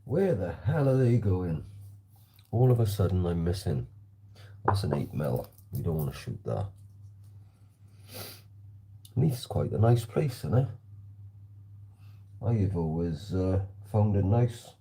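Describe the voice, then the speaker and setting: A man's voice: deep voice, big pitch swings, slow, long pauses, warm tone, slightly rough. A man vlogging casually while shooting targets with a slingshot, chatting and answering viewer comments. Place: indoor hallway.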